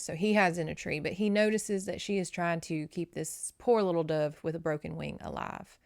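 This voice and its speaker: A woman's voice: deep voice, steady tone, fairly quick, vocal fry, few pauses. A woman from North Louisiana with a Southern accent, chatting through a book recap as a podcast host, full of tangents and emotional asides.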